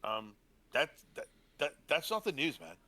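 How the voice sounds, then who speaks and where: A man's voice: fairly high pitch, sing-song, moderate pace, pushed and bright. A man co-hosting a role-played talk show in laid-back slang, ending lines with man or bro.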